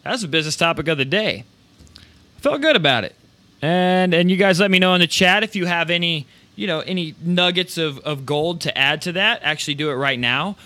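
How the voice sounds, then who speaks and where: Bright-voiced man hosting a live business show. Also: a little high, fairly quick, few pauses, no room sound. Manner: energetic, casual, swears, rambling restarts. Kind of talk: casual motivational business talk.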